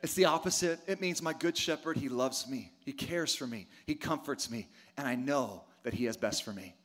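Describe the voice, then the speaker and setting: Delivering a sermon at a normal pace, this middle-aged man speaks in a mid-range voice. The pastor preaches emphatically, posing rhetorical questions and urging the congregation to answer back.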